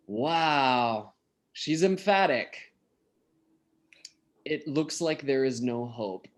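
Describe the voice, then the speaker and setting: A man teaching an English class online, slowly asking students questions and encouraging them to answer. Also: a little high, lively intonation.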